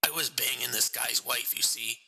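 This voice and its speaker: A man doing a hoarse, calm killer. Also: moderate pace, in a large hall, full character voice, poor audio. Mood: menacing. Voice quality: hoarse, low, flat.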